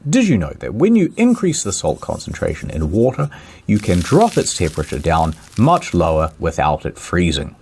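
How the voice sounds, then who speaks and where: A man's voice: wildly swooping pitch, normal speed, darkish tone, a little hiss or hum. A man telling a comedic history story with playful, dramatic timing. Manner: dramatic, playful timing with big pitch swings. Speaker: host.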